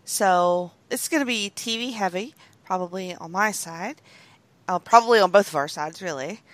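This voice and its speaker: A woman co-hosting a podcast in casual chat, relaxed and frank, swearing now and then. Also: fairly low pitch, moderate pace, no room sound. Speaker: podcast co-host.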